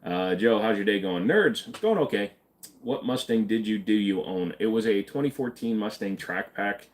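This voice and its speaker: A man's voice: fairly low pitch, lively intonation, normal speed. A man hosting a live stream, casually reading and answering chat questions in an offhand, joking way.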